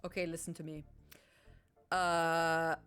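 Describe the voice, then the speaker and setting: A woman's voice: sits low, little pitch movement, takes it slowly, fairly bright tone, clean tone. A German woman streaming a game in English with a German accent, chatting casually, musing aloud and often correcting herself.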